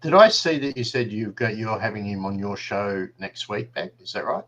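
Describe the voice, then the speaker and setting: A man co-hosting a talk show, easygoing and chatty, slipping into a quick plug for his network. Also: lowish voice, animated, a bit bright, rough recording. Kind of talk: casual chat.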